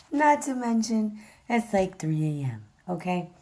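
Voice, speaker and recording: A woman's voice: big pitch swings, slow, warm tone. A woman giving a casual tarot reading with a tired, worn-out voice, chatting straight to viewers with lots of fillers. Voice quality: gravelly, low voice. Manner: chatty, direct address, many fillers. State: vocally exhausted, voice going in and out. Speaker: tarot reader.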